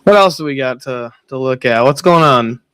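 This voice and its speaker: A man's voice: mid-range voice, normal speed, a bit bright, clean tone, no echo. A young man streaming, telling a profane party story with frequent laughter. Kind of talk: casual chat.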